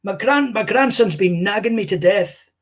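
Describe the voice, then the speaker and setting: A man's voice: high-pitched, expressive, moderate pace, pitched above the performer's own voice. A man doing an impression of a famous older Scottish comedian, telling rambling, sweary anecdotes in a Scottish accent. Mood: storytelling. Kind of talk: stand-up impression, storytelling.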